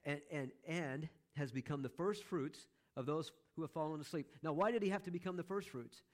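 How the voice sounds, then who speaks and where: Emphatic middle-aged male preacher. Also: on the high side. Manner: emphatic, repeats key phrases, slows down for stress. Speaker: pastor. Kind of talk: sermon.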